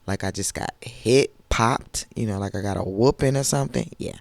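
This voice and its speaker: A man with a hoarse voice that has not fully recovered, recapping a reality TV episode in a chatty, gushing way with lots of asides. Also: lowish voice, moderate pace, no echo. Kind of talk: casual TV recap commentary.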